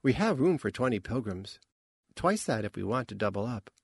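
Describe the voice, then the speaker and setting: A man's voice: medium pitch, big pitch swings, normal speed, gravelly, slightly rough, no room sound, exaggerated voice. A man voicing a wry guarded young woman. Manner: murmuring, dry asides.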